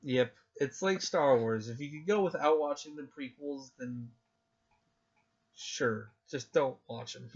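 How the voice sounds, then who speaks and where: A young man rambles excitedly through a casual podcast chat, with plenty of fillers along the way. His voice sits at an ordinary middle pitch. The recording sounds dull and lo-fi. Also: slow pace, breathy edge. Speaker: podcast co-host.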